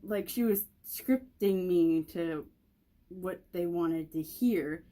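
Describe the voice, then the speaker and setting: A woman's voice: on the low side, slow pace, dark tone. Young woman rambling through a storytime. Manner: rambling, many "like" fillers and restarts. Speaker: vlogger. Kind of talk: casual storytime vlog.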